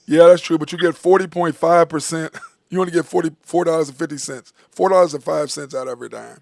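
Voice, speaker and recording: A man hosting a casual sports talk show, animated and rambling, laughing often and filling his talk with "uh" and "I mean". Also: fairly high pitch, quick pace, vocal fry, dry recording, studio quality.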